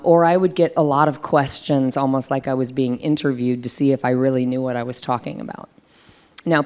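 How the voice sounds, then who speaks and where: A woman's voice: rumbling low, a little mellow, smooth. A middle-aged American woman, a senior business leader, talking reflectively in a fireside chat with frequent fillers. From United States.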